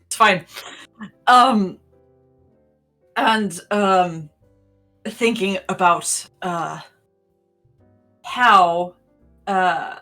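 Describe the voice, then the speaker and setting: A woman's voice: mid-range voice, extremely slow, pauses often, bright, forceful tone, faint music behind. A woman playing a tabletop game, hesitant with many ums as she narrates her character. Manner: hesitant, lots of ums, giggly. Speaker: player. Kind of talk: tabletop role-play narration.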